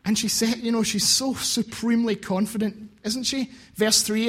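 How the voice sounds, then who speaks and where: Man, preacher, high voice, earnest sermon, repeats phrases for emphasis. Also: fairly even intonation, moderate pace, a bit bright.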